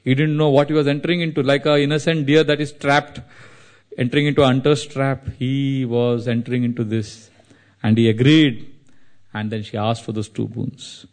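A man from India, telling a devotional story as a sermon, in a dramatic, animated way. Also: medium pitch, normal speed. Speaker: spiritual speaker.

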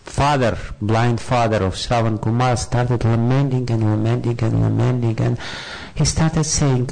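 A man recounts an old scripture story as a spiritual talk, pausing often and searching for the right words. His pace is slow and deliberate. His voice carries a gravelly, creaky texture. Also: medium pitch, fairly even intonation, a little mellow, low-quality recording.

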